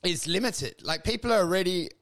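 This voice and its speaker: A man rambles through crude comic stories on a casual podcast. His voice sits fairly high for a man and has a gravelly, creaky edge. He talks in a loose, animated way. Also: brisk. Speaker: podcast co-host. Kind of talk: casual comedic chat.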